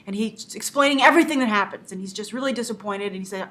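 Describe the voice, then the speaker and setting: A woman hosting movie news, telling a story in a lively, chatty way and acting out the people she quotes. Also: mid-range voice, quick pace, hardly any pauses. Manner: animated storyteller who acts out quotes. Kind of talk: casual news commentary.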